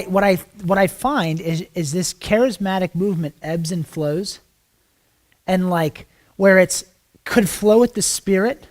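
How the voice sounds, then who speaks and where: Rambling ministry school teacher, frank asides. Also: medium pitch. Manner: rambling, many fillers and rhetorical questions. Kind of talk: informal class teaching with Q&A.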